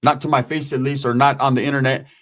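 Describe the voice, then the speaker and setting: A man's voice: medium pitch, little pitch movement, fast, a bit bright. A middle-aged man giving a casual monologue commentary, talking in street slang and dropping "man" and "right?" often. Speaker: YouTube commentator.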